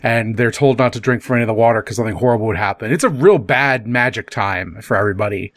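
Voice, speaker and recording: A man co-hosting a podcast, making wry, deadpan jokes in casual chat. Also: fairly low pitch, fast talker, no room sound. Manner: joking, wry, deadpan asides. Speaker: podcast co-host. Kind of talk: casual book club chat.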